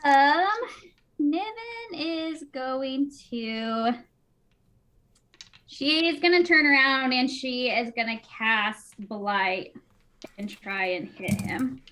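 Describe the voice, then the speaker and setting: A woman's voice: sits high, drawn-out words, fairly bright tone, a little hiss or hum. A woman playing a character in a tabletop game, reading out spell rules in casual talk. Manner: reads spell rules aloud. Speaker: player.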